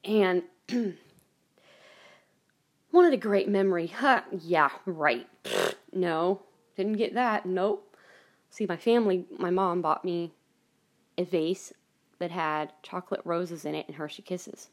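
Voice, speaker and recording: A woman's voice: lowish voice, slow. A woman hosting a personal monologue podcast, ranting angrily and swearing heavily, with many restarts and trailing asides. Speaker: podcast host.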